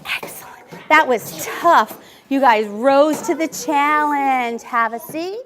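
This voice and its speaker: Slow-speaking woman teacher, higher voice. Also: a bit bright, a little hiss or hum. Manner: sounds out letters slowly and clearly, coaxing. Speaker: first grade teacher. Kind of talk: classroom teaching and interview commentary. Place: elementary classroom.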